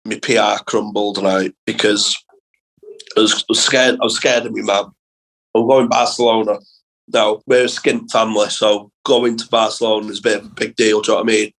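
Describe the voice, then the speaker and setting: Young comedian from England, casual sweary storyteller, lively and quick to laugh. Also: male voice, lowish voice, low-quality recording. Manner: sweary, animated anecdotes with laughs. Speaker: comedian guest.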